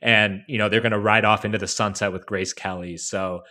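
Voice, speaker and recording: A man's voice: lowish voice, brisk. A man co-hosting a podcast, talking casually and analytically with plenty of fillers. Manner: relaxed, explanatory, many fillers. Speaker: podcast co-host.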